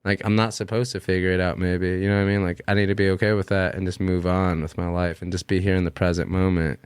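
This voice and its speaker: A young man with a low, smooth voice, recorded dry and close. He tells a long story in a loose, rambling way, full of fillers and cursing. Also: level tone, quick pace, no room sound. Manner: rambling, heavy on fillers and swearing. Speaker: musician guest. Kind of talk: casual storytelling.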